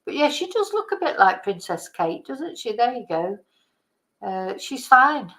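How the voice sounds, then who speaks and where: A woman's voice: a little high, very animated, measured pace, a bit bright, rough recording. A woman hosting a casual chat, rambling and exclaiming as she reacts to old videos. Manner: chatty, rambling, exclaiming in disgust. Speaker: channel host.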